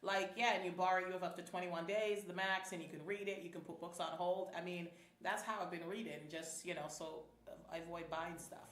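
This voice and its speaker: A middle-aged woman hosting a casual interview, animated and laughing often. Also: brisk, hardly any pauses. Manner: animated, laughs often, jumps into high-pitched exclamations. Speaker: podcast host. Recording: echoey room.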